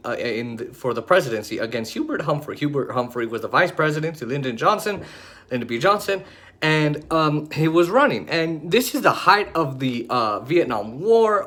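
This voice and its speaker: A man's voice: a little high, a bit bright. Blunt, rambling male podcast host. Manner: blunt, mocking, rising to heated anger; loose, with many fillers and restarts. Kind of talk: opinionated political podcast monologue.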